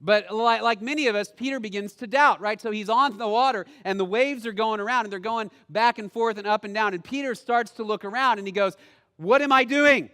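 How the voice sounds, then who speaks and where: A male pastor with a high, bright-toned voice preaches in a church sanctuary. Long reverb trails his words through the hall. His delivery swings between loud, animated outbursts and quiet, drawn-out lines. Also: clean tone. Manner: storytelling, swinging from loud outbursts to hushed, slow phrases. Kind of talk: sermon.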